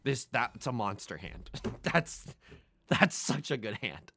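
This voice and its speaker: A man's voice: mid-range voice, very animated, slow, vocal fry, sharp tone, a little hiss or hum. A man streaming a tile game, joking and pleading dramatically as he plays. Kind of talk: casual livestream commentary.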